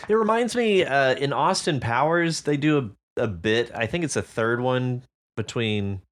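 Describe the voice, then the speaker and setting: A man's voice: medium pitch, lively intonation, unhurried. A man co-hosting a podcast in casual chat, dry and self-deprecating, laughing often. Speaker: podcast co-host.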